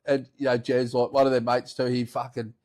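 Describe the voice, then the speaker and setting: A man with an Australian accent, a podcast co-host casually telling a story in animated, swear-heavy language. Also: medium pitch, brisk. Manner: animated, profane yarn-spinner.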